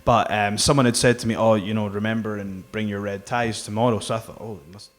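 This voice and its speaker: A man's voice: on the low side, fairly even intonation, fast. A man, a guest wrestler telling rambling, self-mocking stories on a live podcast stage. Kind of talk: casual anecdote telling.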